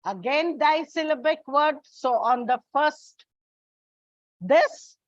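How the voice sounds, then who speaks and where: Woman English tutor, high voice, dry dull recording, slow and deliberate drilling. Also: lively intonation, no room sound. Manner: slow, deliberate, spells out word endings and repeats words. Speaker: English teacher. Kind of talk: classroom lesson on word stress.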